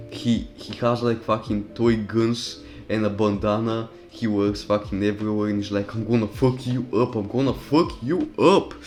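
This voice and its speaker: A man's voice: fairly low pitch, darkish tone. A young man casually telling a personal story over gameplay, profane and rambling, with loose restarts. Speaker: storytime commentary YouTuber.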